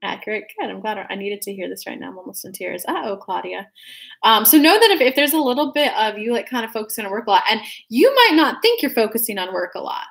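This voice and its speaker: A woman's voice: mid-range voice, sing-song, fast, vocal fry, fairly bright tone. A woman giving a casual tarot reading to her viewers, chatty and rambling, often restarting her sentences. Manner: talks straight to viewers as "guys". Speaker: tarot reader.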